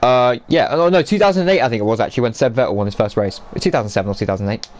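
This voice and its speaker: A man's voice: mid-range voice, racing, darkish tone, slight background noise. A man giving casual, jokey live commentary on an online sim race, full of banter.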